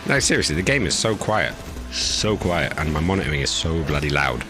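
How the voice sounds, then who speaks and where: A man's voice: very deep voice, expressive, a little fast, music in the background. A man streaming live, chatting casually and getting flustered while fixing his audio settings. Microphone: new desk microphone.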